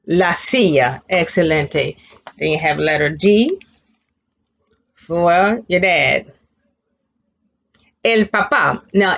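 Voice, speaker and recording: Female teacher, lowish voice, slow and patient, encouraging young learners; muffled lo-fi recording. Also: vocal fry, a little hiss or hum. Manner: patient, encouraging, models words slowly for children to repeat. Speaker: Spanish teacher. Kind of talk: elementary Spanish lesson.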